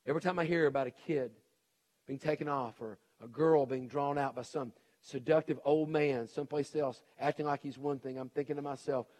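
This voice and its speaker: A man's voice: fairly high pitch, fairly even intonation, brisk, darkish tone. A middle-aged man preaching a sermon as pastor, earnest and pleading, with repeated urgent appeals to his congregation.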